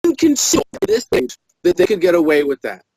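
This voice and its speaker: A man being interviewed as a political activist, earnest and sure of his case. His voice sits fairly high, and the recording is dry and close with no room sound. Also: wildly swooping pitch, fast, a little mellow, husky, dry recording, poor audio.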